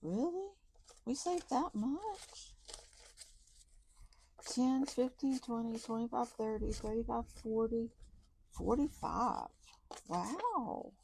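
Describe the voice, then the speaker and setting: Slow soft-spoken woman, gravelly. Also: animated, a little hiss or hum. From Texas. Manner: chatty, soft and low, says y'all often. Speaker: budgeting vlogger. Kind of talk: casual chat to viewers while counting savings. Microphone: close mic.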